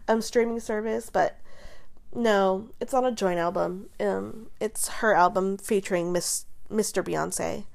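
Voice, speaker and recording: A woman's voice: mid-range voice, creaky. Sarcastic, foul-mouthed young woman host. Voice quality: profane, sarcastic, laughing often. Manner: quick, animated rants. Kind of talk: casual pop-culture commentary.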